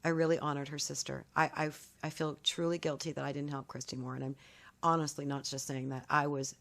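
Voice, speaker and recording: A woman's voice: low voice, flat delivery, a little fast, creaky, fairly bright tone. A woman in a casual vlog, telling a long story in an emphatic, accusatory way, often repeating her points. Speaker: vlogger.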